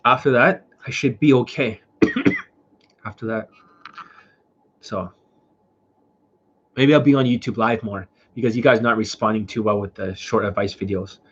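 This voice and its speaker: Husky and fairly low, this man speaks at a normal pace with frequent pauses. He's ill and coughing while running a livestream Q&A as a dating coach, full of blunt, profane talk, captured in dull lo-fi audio.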